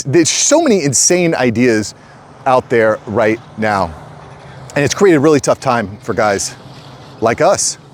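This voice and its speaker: Emphatic middle-aged man with a lively voice. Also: mid-range voice. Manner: emphatic, repetitive, addresses viewers as guys. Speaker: channel host. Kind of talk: casual direct-to-camera talk.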